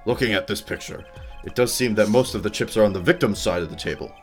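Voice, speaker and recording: A man's voice: on the low side, fast talker, soft background music, natural voice. A man reading as a musing old judge.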